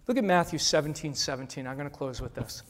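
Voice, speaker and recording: A man preaching a Sunday sermon as pastor, emphatic and repetitive, swinging between loud declarations and hushed lines. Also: fairly high pitch, quick pace. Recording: long church-hall reverb.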